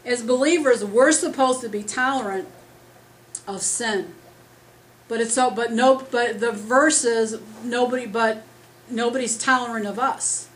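Hoarse, earnest woman preaching. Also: fairly high pitch, a little slow, a little hiss or hum, poor audio. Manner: earnest, emphatic, rambling. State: losing her voice. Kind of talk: conversational sermon. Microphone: speaking loud without a microphone.

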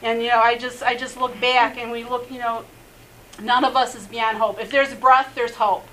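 A woman's voice: fairly high pitch, level tone, moderate pace, a bit bright, poor audio. A middle-aged woman, a messianic rabbi, telling her personal testimony earnestly, laughing often and leaning on "you know". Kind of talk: personal testimony in a faith interview.

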